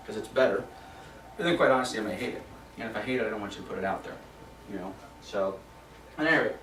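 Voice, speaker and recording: Recorded from a distance with a roomy, off-mic sound and slight background noise, a man with a mid-range, slightly bright voice leads a property management training class. He keeps it casual and conversational, frequently asking "okay?"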